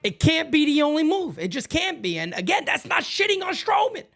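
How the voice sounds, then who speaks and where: Emphatic baseball fan host. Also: male voice, very high voice, huge pitch swings, fairly quick, creaky. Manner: emphatic, swings from shouting to muttering. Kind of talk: fan show commentary.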